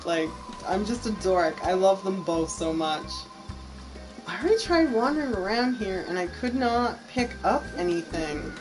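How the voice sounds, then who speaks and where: A woman's voice: medium pitch, expressive, normal speed, over music, rough recording. An American woman streaming a game, chatting casually, gushing and laughing easily. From United States. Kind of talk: casual let's-play chat.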